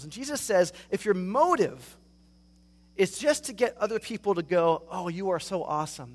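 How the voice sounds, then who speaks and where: A man preaching a sermon as pastor, telling stories in an animated way and acting out reactions. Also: high voice, big-room sound. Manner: animated storytelling, acts out reactions.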